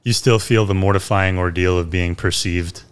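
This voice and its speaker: A man's voice: deep voice, steady tone, clear, resonant tone. A man, a comedian guesting on a podcast, chatting casually and dropping dry one-liners. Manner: dry, quick punchline asides.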